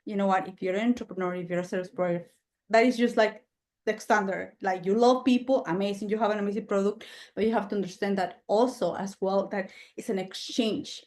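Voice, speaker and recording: Podcast host, woman, higher voice, heated and animated, swears a lot in casual interview chat.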